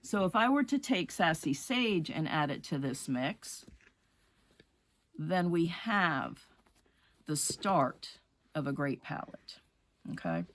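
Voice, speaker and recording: Lady with a lowish voice showing wool colors for rug hooking, chatty, talks through each swatch. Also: expressive, takes it slowly, long pauses. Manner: chatty, explains as she shows.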